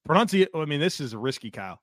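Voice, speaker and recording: A man's voice: on the high side, sing-song, fast talker, a bit bright, dry recording, clean studio sound. A man co-hosting a football podcast, reading listener takes aloud and teasing his co-host in casual chat.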